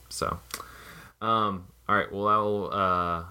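A man's voice: low-pitched, slow, sharp tone, smooth. A man hosting a casual film podcast, talking in a hesitant way with many restarts. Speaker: podcast host.

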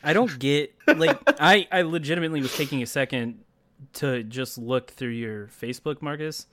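A man's voice: on the high side, lively intonation, normal speed, fairly bright tone, no room sound, clean studio sound. A man chatting casually on a podcast, swearing often and mocking himself. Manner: profane, self-mocking banter.

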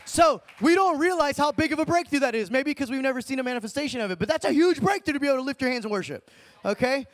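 A young man preaching an informal sermon, animated and slangy, calling listeners dude and man. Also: extremely high pitch, fast, a faint crowd. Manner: slangy, animated, talks in street terms like dude and bro.

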